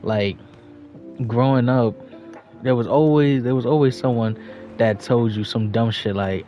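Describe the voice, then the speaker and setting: A man's voice: mid-range voice, fairly even intonation, a little slow, warm tone, dull audio, faint music behind. New man, profane casual storytelling. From New York. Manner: loose, profane, chuckling storyteller. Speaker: livestreamer. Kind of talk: casual storytelling while gaming.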